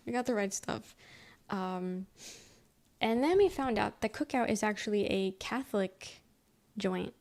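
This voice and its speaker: A soft-spoken woman streamer rambling through a story in casual chat, swearing freely. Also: medium pitch.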